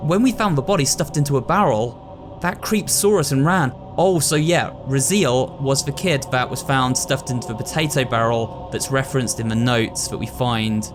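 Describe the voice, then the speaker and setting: A man's voice: mid-range voice, over music. A man with an English accent reads a game's story aloud and comments on it casually. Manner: casual, reads narration slowly and comments quickly. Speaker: gaming YouTuber. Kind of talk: reading game text and commenting.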